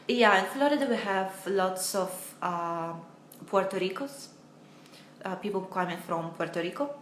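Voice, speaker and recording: A woman, an English teacher talking in a live online Q&A lesson and pausing often on filler sounds. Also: on the low side, fairly even intonation, slight background noise. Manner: hesitant, many filler sounds, reads viewer comments aloud. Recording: roomy echo.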